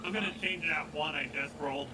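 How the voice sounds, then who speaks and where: A man's voice: on the high side, brisk, distant mic, noisy background. A man playing a tabletop game, talking casually with some hesitation. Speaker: player.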